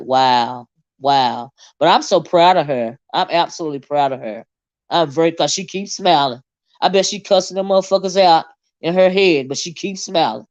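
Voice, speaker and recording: A woman's voice: sits low, darkish tone, no room sound, highs cut off. A woman hosting a casual livestream and reading her chat, blunt and swearing freely, with a habit of repeating herself.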